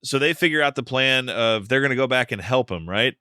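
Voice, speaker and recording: A man's voice: mid-range voice, lively intonation, fairly quick, bright, forceful tone, dry recording, studio quality. A man co-hosting a podcast, recapping a film plot in a wry, joking way. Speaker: podcast co-host. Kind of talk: casual film discussion.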